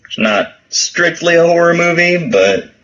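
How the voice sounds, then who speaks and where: A man's voice: on the high side, expressive, a little slow, fairly bright tone, highs cut off. A man co-hosting a podcast in casual chat, laid-back, laughing often and swearing freely. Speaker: podcast co-host.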